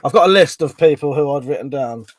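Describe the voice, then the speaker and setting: A man's voice: fairly high pitch, lively intonation, fast talker, dry recording. Swearing, chatty man. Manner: chatty and swearing, laughs often. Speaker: livestream host. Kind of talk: casual live chat reading comments.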